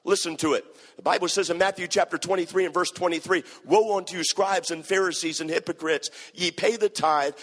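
A high-pitched man delivers a sermon with emphatic, repeated phrases. His voice carries a long reverb tail from a church. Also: a bit bright. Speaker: preacher. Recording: hall reverb.

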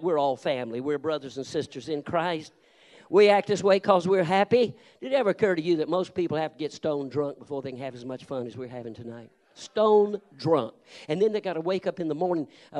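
High-voiced preacher telling stories. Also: male voice. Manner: lively, punchy storytelling with shouted amens. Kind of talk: sermon with storytelling.

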